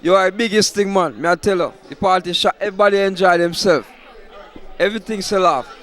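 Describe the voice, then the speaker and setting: A man with a Jamaican accent giving excited shout-outs as an interviewer at a party. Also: high-pitched, fast. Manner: excited, hyping. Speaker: event interviewer. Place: outdoors at a party.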